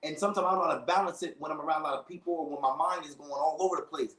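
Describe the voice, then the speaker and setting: Man, casual storyteller, high-ish voice, animated, slangy, echoey room. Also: racing. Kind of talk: casual chat.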